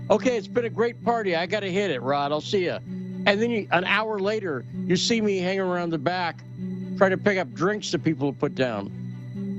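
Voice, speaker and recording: High-voiced sarcastic male host. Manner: sarcastic, combative, rhetorical questions. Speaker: podcast host. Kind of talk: opinionated commentary chat. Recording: muffled lo-fi with music behind.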